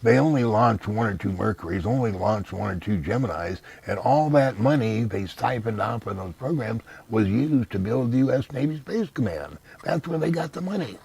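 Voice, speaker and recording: A man's voice: medium pitch, lively intonation, moderate pace, gravelly, hardly any pauses, darkish tone, husky. A man being interviewed in casual conversation, blunt and dismissive, giving long rambling explanations. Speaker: interview guest.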